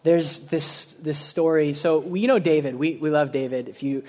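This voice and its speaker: A man's voice: on the high side, normal speed, a little mellow. A young man preaching a sermon in a casual, conversational way, often saying "like" and acting out the people he quotes. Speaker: pastor.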